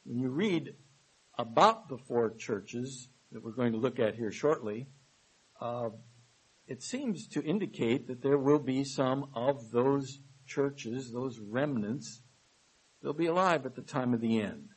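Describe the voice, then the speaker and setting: A man preaching a sermon. He reads scripture verses aloud with emphasis and then explains them in a measured way. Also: mid-range voice, lively intonation, husky, rough recording. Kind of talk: sermon, Bible study reading.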